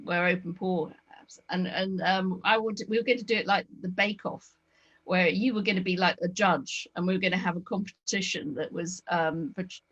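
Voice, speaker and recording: A woman's voice: medium pitch, fairly bright tone, rough recording. A woman with a Northern English accent hosting a casual video-call chat, talking in an enthusiastic, rambling way with lots of ums. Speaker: host.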